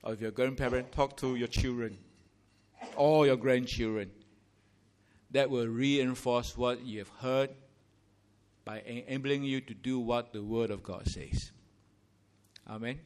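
A man's voice: medium pitch, fairly even intonation, unhurried, long pauses, darkish tone, a little hiss or hum. A man from Singapore, preaching a sermon in church with emphatic rhetorical questions and rising declarations. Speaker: pastor. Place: church sanctuary.

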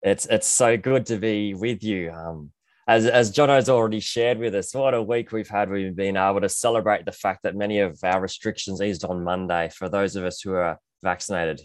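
A man preaching a sermon to his church over a video call, gentle and earnest, with frequent ums and restarts. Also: fairly low pitch, fairly even intonation, normal speed, no echo. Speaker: pastor.

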